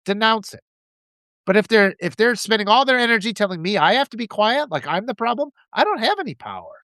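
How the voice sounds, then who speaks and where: A man's voice: high voice, big pitch swings, quick pace, pushed and bright, dry recording. A man giving an impassioned political monologue, ranting and mimicking opponents in mocking voices. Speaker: political commentator.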